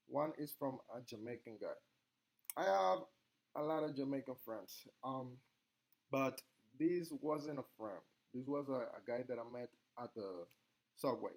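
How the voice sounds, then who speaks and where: A man speaks English, presenting a class assignment at a slow, unhurried pace. His delivery halts often, with pauses and ums between phrases, and his voice has a gravelly fry. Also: mid-range voice. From Latin America. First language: Spanish. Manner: halting, with many pauses and ums. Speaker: student giving a class presentation. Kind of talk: recorded class assignment monologue.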